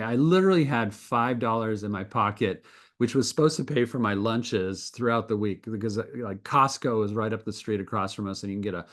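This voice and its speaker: A man telling a personal faith story as an interview guest. He speaks earnestly and often restarts his sentences. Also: mid-range voice. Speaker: guest animator.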